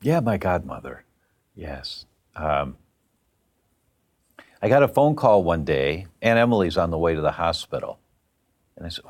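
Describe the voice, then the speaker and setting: A man's voice: sits low, measured pace, pauses often. A man talking as an interview guest, telling a story and acting out the other voices in it. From half Italian family. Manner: animated, acts out quoted voices. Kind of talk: conversational storytelling.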